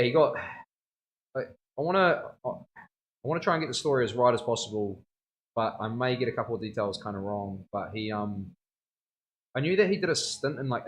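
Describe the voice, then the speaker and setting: A man, a tattoo artist chatting casually on a livestream, slangy and rambling, often laughing. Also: medium pitch. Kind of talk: casual chat.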